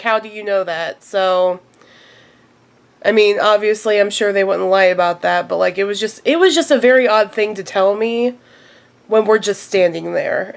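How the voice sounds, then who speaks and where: A woman's voice: medium pitch, vocal fry. A young woman in her twenties telling stories to camera in a casual vlog, laughing often and quoting people in a raised voice. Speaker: vlogger.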